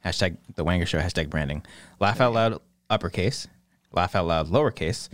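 A man with a low voice co-hosts a casual podcast and banters playfully. His pitch rises and falls a lot. The sound is dry and close, with no room echo. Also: animated, normal speed. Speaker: podcast co-host. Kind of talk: casual chat.

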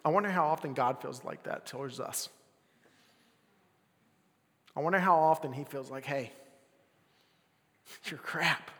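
Pastor preaching in a reverberant hall. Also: male voice, a little high, moderate pace, long pauses. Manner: conversational, swings from loud to near-whisper. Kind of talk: sermon.

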